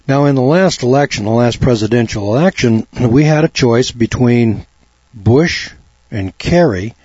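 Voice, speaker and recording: A middle-aged man speaks a talk radio monologue in a folksy, sarcastic tone, firing off rhetorical questions. His voice is a little husky. The recording is dull and lo-fi with a dry, close sound. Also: medium pitch, a little mellow, no echo.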